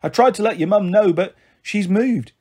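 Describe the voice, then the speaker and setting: A bustling, big-hearted auntie who runs a pub, as a man reading aloud puts her on. She talks frankly and jollily in a lifted, slightly husky voice. A storybook reading. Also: sits high, moderate pace, voice pushed up. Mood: hearty. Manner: warm, jolly, frank.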